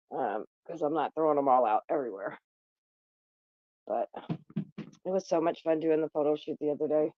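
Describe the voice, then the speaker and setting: Woman, livestream host, blunt, swearing, animated pitch, dull lo-fi phone audio. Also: no room sound. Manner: blunt and profane, chatting with viewers. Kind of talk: casual livestream chat.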